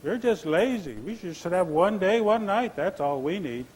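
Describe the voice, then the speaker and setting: Little chipmunk played by a man, feisty, high, repetitive protests, faint background noise. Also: animated, darkish tone, rough recording. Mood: defiant. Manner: quick repeated protests. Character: small feisty male chipmunk.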